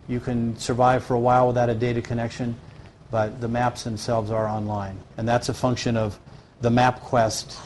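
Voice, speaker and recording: A man's voice: mid-range voice, a little mellow, a little hiss or hum. A man presenting at a live question-and-answer session, often stopping and restarting mid-sentence.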